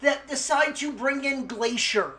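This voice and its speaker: A woman's voice: high voice, over a noisy crowd. A woman co-hosting a casual chat, telling stories full of swearing and laughter. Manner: swearing, laughing storyteller with quick asides.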